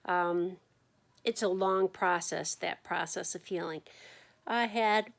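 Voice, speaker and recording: A woman sharing her experience in a casual video diary, talking to the camera at home in a tired, unhurried way with frequent ums and yawns. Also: fairly low pitch, gravelly. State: fatigued from chemotherapy. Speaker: vlogger sharing her chemotherapy journey.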